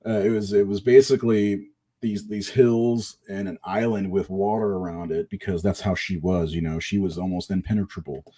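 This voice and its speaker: A man's voice: sits low, mellow, slightly rough. A middle-aged man casually telling a long personal story, rambling and swearing, with restarts.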